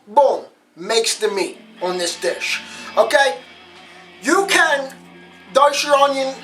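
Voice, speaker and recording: A woman's voice: a bit bright, rough recording. A woman hosting a cooking lesson at home, chatty and upbeat, talking viewers through each step with frequent exclamations. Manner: chatty, upbeat, often exclaims "boom" and asks "okay?". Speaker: cooking show host. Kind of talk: casual cooking demonstration. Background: guitar music.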